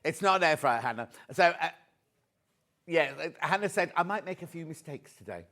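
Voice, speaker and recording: A British man hosts a live shopping broadcast from a studio. His slightly raised voice is chatty and excitable. He rattles through prices and reads out viewer greetings. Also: a little high, moderate pace. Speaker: shopping channel presenter. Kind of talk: live shopping show chat.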